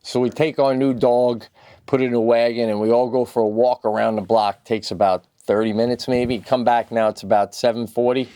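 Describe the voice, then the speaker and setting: A man spinning a rambling, profane story in casual conversation, his mid-pitched voice shooting way up whenever he gets excited. The sound is close and dry, with no room around it. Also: fairly quick, clean tone, dry recording. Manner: climbs far higher in pitch when worked up. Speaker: father.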